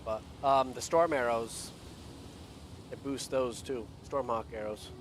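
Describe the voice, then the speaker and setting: A man's voice: medium pitch, steady tone, a little slow, noisy background. A man chatting casually about a game in an easygoing way, often trailing off uncertainly. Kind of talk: casual gaming chat.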